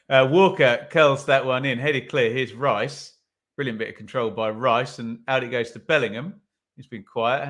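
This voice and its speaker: A man's voice: mid-range voice, a bit bright. A man hosting a live football watch-along, commenting on play and reading viewer comments with wry asides.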